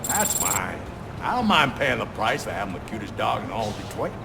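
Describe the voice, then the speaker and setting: A naive, earnest citizen who seems oblivious. His gravelly voice rises and falls a lot, and steady noise sits behind the game audio. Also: lowish voice, moderate pace. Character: odd, naive male citizen with a complaint. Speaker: citizen at the police desk. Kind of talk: video game voice acting.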